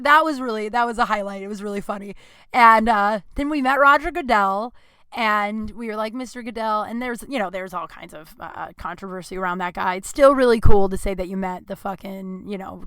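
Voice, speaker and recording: A woman comedian hosting her podcast, telling stories in a blunt, profane, animated way. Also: mid-range voice, no echo. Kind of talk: casual storytelling monologue. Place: indoor room.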